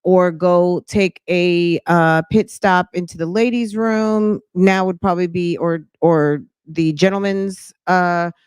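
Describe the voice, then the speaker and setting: A woman's voice: fairly low pitch, fairly even intonation, takes it slowly, few pauses, darkish tone, clear, resonant tone, no room sound, studio quality. A woman hosting a commentary channel, talking casually to her viewers in a chatty, rambling way with many ums and restarts.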